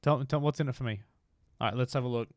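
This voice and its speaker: A man's voice: medium pitch, fast talker, no room sound. Chatty male game streamer. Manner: chatty, self-deprecating, bursts into shouts. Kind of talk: live stream commentary.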